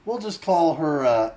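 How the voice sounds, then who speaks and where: A man's voice: on the high side, vocal fry, warm tone. A man co-hosting a podcast, throwing in joking, hesitant asides during casual banter. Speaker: podcast co-host.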